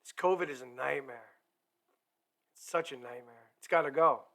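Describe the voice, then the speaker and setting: A man's voice: medium pitch, normal speed, fairly bright tone. A man hosting a hockey talk live stream, chatty and upbeat, talking straight to his viewers. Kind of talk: casual live-stream chat.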